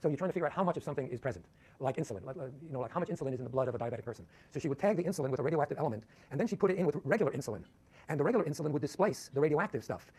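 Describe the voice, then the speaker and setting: A man's voice: on the high side, lively intonation, rapid-fire, a little mellow, breathy edge. A man giving a university physics lecture in a lecture hall, rambling with many restarts and chuckling at his own asides.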